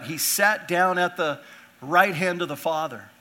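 A man preaching a sermon as pastor, reading scripture and swelling to emphatic peaks before dropping soft again. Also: high voice, normal speed.

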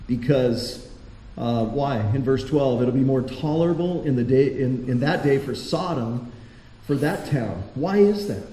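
A man's voice: mid-range voice, lively intonation, normal speed, dark tone. A man preaching a sermon in a conversational way, asking his listeners rhetorical questions in a church hall. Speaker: pastor. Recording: roomy hall echo, faint noise.

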